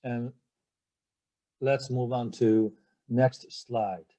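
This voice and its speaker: A man's voice: mid-range voice, steady tone, drawn-out words, dark tone. A male English teacher giving a vocabulary lecture. He spells words out letter by letter and keeps checking in with "okay?" and "right?", with frequent hesitations. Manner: hesitant, many fillers and restarts.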